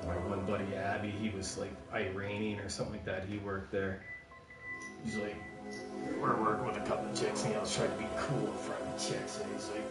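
A man's voice: lowish voice, fairly quick. Profane man telling stories, echoey. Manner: profane, animated anecdotes. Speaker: streamer chatting with a friend. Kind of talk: casual storytelling chat. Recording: echoey room, far from mic, loud music behind.

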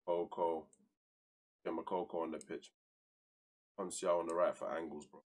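A man's voice: low-pitched, level tone, normal speed. A young man, casually commentating his football manager game on a live stream, full of slang, flaring into heated outbursts and then dropping to mutters.

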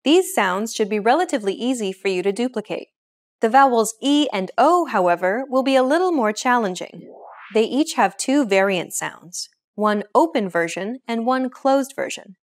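A woman's voice: a little high, expressive. Woman hosting a scripted language lesson. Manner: clear, measured explaining.

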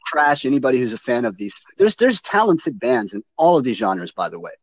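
A man's voice: mid-range voice, sing-song, a little fast, no room sound, poor audio. A man co-hosting a casual podcast, joking crudely and swearing freely. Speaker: podcast co-host. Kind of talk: casual chat.

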